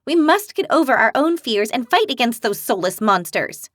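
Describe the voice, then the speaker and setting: A woman's voice: on the high side, very animated, normal speed, no room sound, studio quality, voice pushed up. A woman doing Daphne, a blunt, grumpy young healer. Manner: blunt, spirited.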